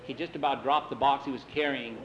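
A man's voice: mid-range voice, fairly even intonation, fast talker, fairly bright tone, a little hiss or hum. A man telling a story in a plain, folksy way, voicing each of the characters himself. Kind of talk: told story with voiced characters. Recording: roomy, dull sound with faint ambience.

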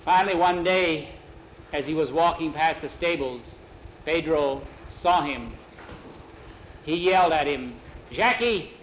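A man's voice: fairly high pitch, unhurried, pauses often. A man telling a story aloud in a folksy, conversational way, giving the characters their own voices. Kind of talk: oral storytelling with voiced dialogue. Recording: dull lo-fi recording with faint vehicle noise.

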